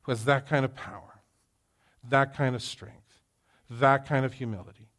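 A man preaching a sermon, moving from quiet reflection to loud, emphatic exhortation. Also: mid-range voice, fairly even intonation, normal speed. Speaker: pastor.

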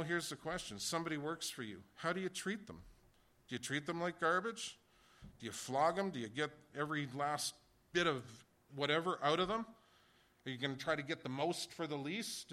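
A man preaching a sermon, reading scripture and asking the congregation a run of rhetorical questions in a conversational way. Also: on the high side. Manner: conversational, rhetorical questions, rising to shouts in an acted story. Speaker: pastor.

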